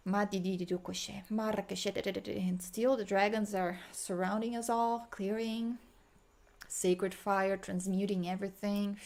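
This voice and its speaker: A woman guiding a healing meditation, talking slowly and softly with sighs, sometimes chanting in an invented language. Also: medium pitch. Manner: slow, soft, sighing, breaks into chanted light language. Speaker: spiritual healer.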